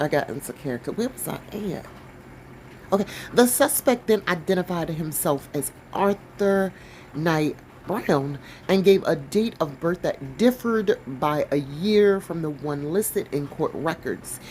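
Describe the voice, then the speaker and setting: A woman's voice: deep voice, expressive, measured pace, darkish tone, a little hiss or hum, rough recording. A woman reading a news article aloud and breaking off for blunt, sassy comments of her own, sometimes stumbling over words. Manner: blunt, sassy commentary between read passages. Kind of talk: reading aloud with casual asides.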